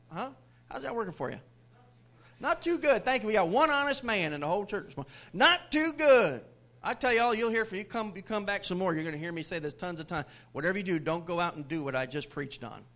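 A man preaching a sermon in church as pastor, swinging from loud declarations to hushed whispers. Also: high-pitched.

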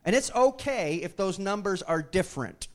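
A man's voice: high voice, lively intonation, moderate pace. A middle-aged man preaching a sermon, telling a family story in a folksy way with many restarts. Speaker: pastor.

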